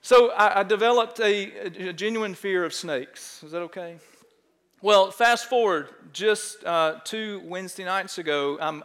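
A middle-aged man with a Texan drawl delivers a sermon in a large church, his fairly high voice carrying a long reverb through the sanctuary. He tells stories with lively, self-mocking energy and keeps checking in with the room. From Texas. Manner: animated, self-mocking storyteller, often asks "right?". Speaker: pastor. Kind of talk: sermon with storytelling.

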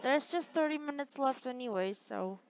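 A woman giving casual commentary over her own gameplay, excitable and chatty with her viewers, gasping and groaning at every setback. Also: sits high, moderate pace, muffled recording. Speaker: gaming channel host.

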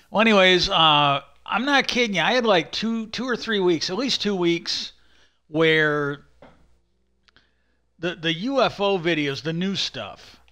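A man's voice: fairly high pitch, pushed and bright. A man telling a long casual story in a rambling, exasperated way, swearing freely and repeating himself. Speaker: livestream host.

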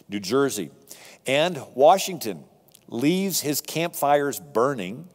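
A man lecturing on history, telling it as a lively story to a live audience with asides. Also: fairly high pitch, in a large hall. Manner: animated, conversational storytelling with asides. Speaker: speaker on history.

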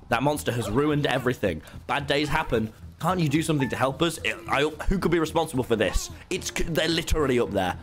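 A man streaming a game live, excitable and swearing, talking back to his chat. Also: mid-range voice, fast talker, hardly any pauses, soft background music. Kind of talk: live gameplay commentary.

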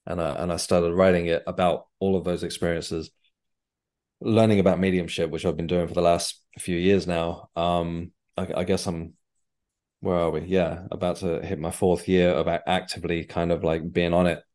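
Guest voice: man, low-pitched, rambling and chatty storyteller. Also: flat delivery, normal speed, a little mellow. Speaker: guest, medium and author. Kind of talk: casual interview chat.

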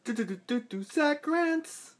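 A young man introducing a channel video, excited but halting, with plenty of fillers. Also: extremely high pitch, noisy background. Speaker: channel member. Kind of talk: casual vlog intro.

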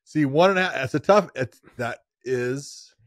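Podcast dude arguing fight picks, dry mic, pretty emphatic. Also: male voice, medium pitch, normal speed, dry recording. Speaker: podcast co-host. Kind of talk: casual chat.

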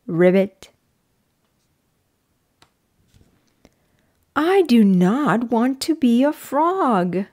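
A woman's voice: on the high side, darkish tone. A woman voicing a cautious, worried male elephant who keeps asking puzzled questions, in a children's picture book read-aloud.

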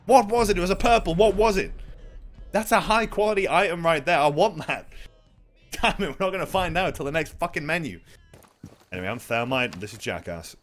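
Excitable young man streaming a shooter. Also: on the high side, fairly quick, soft background music. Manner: excitable, swearing, laughing. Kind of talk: live gameplay commentary.

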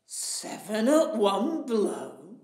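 A big, boastful giant who bellows slowly and blusters, as a woman storyteller puts him on. His words are loud and drawn out, with a lingering echo of the room around the voice. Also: a little high, big pitch swings, heavily acted. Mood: blustering. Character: huge boastful slow-witted male giant. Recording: echoey room.

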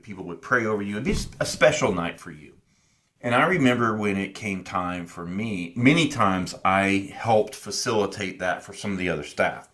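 Earnest storytelling man, lowish voice. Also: a bit bright. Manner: earnest, reflective storyteller who acts out his own past dialogue. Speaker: podcast co-host. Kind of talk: personal storytelling in a casual podcast chat.

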